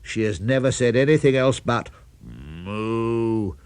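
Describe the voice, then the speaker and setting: A man's voice: medium pitch, sing-song, normal speed, a little mellow, no room sound. An older man telling a children's story, playful and speaking directly to young listeners.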